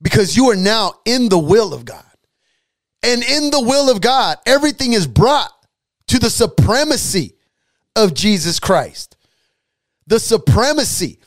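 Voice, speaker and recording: A man's voice: sits high, sing-song, unhurried, pauses often. A man preaching a sermon on divine healing, repeating lines for emphasis, asking rhetorical questions and slipping into casual, colloquial grammar. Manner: colloquial, drops into dialect grammar.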